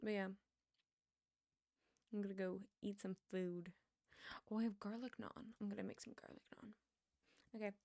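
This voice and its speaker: Chatty young woman with a gravelly voice. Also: medium pitch, steady tone, moderate pace, pauses often, dark tone, dry recording. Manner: chatty, rambling, talks to chat while playing. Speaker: streamer. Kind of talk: casual livestream chat while playing a building game.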